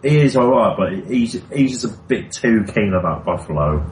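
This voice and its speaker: A man's voice: fairly low pitch, animated, normal speed, a little mellow, slight background noise, low-quality recording. A man co-hosting a podcast, grumbling with dry sarcasm while chatting about a TV episode. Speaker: podcast co-host. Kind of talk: casual chat reviewing a TV episode.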